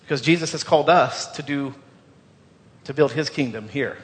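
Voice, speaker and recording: A man's voice: mid-range voice, moderate pace. A man giving a sermon as a pastor, earnest, stumbling over repeated words and asking the congregation questions. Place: church sanctuary. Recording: long reverb of a church hall.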